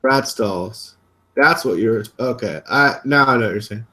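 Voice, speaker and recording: A man co-hosting a live political web show, reading aloud and reacting with animated, incredulous exclamations. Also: mid-range voice, a little slow, rough recording. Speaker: co-host.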